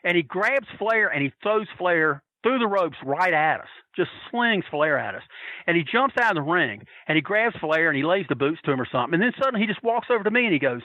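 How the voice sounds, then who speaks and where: Guy telling crazy stories on a podcast, swears a lot, bright voice, super dry sound. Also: high-pitched, quick pace, no echo, rough recording. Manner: animated, profane, laughs through stories. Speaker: podcast guest. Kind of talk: casual storytelling.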